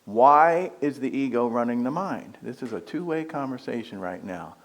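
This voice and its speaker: A man's voice: medium pitch, animated, moderate pace, a bit bright. A man giving a conversational spiritual talk as a guest speaker, joking and asking the audience questions.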